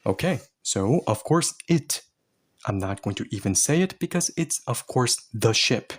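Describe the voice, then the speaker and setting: A man's voice: medium pitch, expressive, unhurried, husky. A man teaching Korean grammar to learners, explaining each step patiently and with a playful touch.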